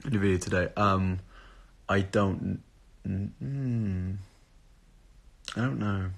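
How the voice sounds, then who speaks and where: A young man, tired and awake at odd hours, chats casually on a live stream, reading viewer comments and responding in a rambling way with casual swearing. His voice is low, slow, and creaky.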